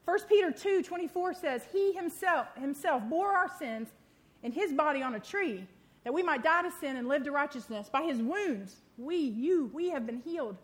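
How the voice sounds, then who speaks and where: Female church speaker, fast self-deprecating sermon delivery, slightly high voice. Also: animated. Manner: quick, chatty and self-deprecating. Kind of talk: sermon teaching with prayer.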